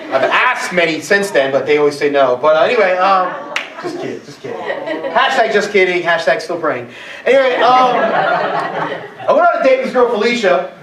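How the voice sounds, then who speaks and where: A man in his thirties preaching a sermon to young adults, telling self-mocking jokes and stories. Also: sits high. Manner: joking storyteller, self-mocking. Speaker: pastor. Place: church hall. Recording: echoey church hall from far off.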